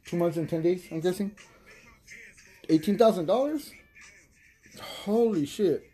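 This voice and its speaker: Husky, profane stoner man. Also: high-pitched, a little slow, mellow, faint music behind. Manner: profane, rambling, laughs often. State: high. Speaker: podcast host. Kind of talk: casual stoner podcast chat.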